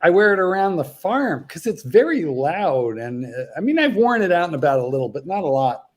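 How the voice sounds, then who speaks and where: A man chatting on a livestream panel in an animated way, with a lot of hesitant fillers. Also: a little high, a little fast. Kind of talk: casual chat.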